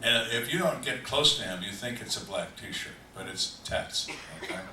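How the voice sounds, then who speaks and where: An older man who was a homicide detective tells dry, deadpan stories with slow, emphatic pauses at a live fan Q&A. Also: mid-range voice, a little hiss or hum. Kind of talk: live storytelling Q&A. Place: event room on a cruise ship, live audience. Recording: echoey room, distant mic, faint ambience.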